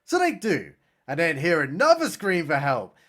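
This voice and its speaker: A man's voice: on the high side, huge pitch swings, a bit bright. A man giving a sarcastic, mocking comedic recap of a film. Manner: sarcastic, mocking, does quick voices for characters. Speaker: film reviewer.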